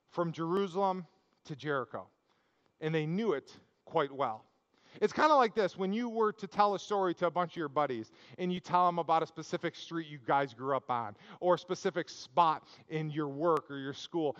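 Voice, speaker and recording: A male pastor delivers a sermon in a relaxed, story-driven way, slipping in jokes and personal asides. His voice sits fairly high. The sound is a little muffled, with a long church-hall reverb trailing each phrase. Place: church sanctuary.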